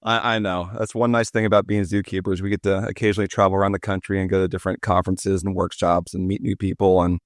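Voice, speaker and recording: Low-voiced joking podcast host, man. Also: little pitch movement, fast, hardly any pauses, no echo, clean studio sound. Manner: jokey, self-deprecating, chatty. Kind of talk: casual storytelling chat.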